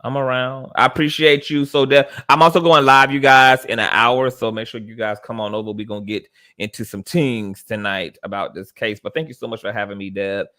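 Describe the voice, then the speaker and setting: A man's voice: mid-range voice, fairly even intonation, fairly quick, hardly any pauses, pushed and bright. Emphatic man guesting on a video chat. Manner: emphatic, stresses points by repeating them. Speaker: guest, fellow live-streamer.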